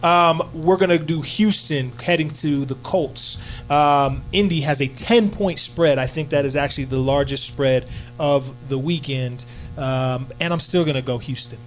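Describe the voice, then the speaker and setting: A man's voice: fairly high pitch, a little slow, faint music behind. Upbeat man hosting sports radio. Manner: upbeat, filler-heavy, hypes up co-hosts. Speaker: sports talk show host. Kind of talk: casual sports radio chat. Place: radio studio.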